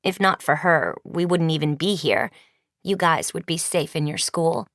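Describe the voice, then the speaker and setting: A woman reading an audiobook, voicing a gloomy teenage girl who talks in a low, downcast way. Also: expressive, moderate pace, a bit bright, no room sound, studio quality. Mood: glum.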